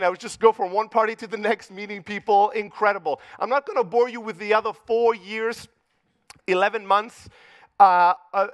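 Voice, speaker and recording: A middle-aged Greek man tells stories to a conference crowd with a Greek accent and plenty of swearing. His voice sits high. The sound is dry and close, with no room echo. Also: fairly bright tone. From Greece. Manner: profane, punchy storyteller acting out dialogue. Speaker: conference speaker. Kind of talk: motivational keynote storytelling. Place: conference stage.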